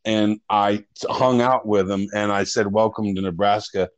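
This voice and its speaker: A man's voice: lowish voice, steady tone, normal speed, dry recording, rough recording. A man co-hosting a podcast, telling a long rambling story with lots of swearing and restarts. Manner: rambling, profane, restarts often. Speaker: podcast co-host. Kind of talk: casual storytelling chat.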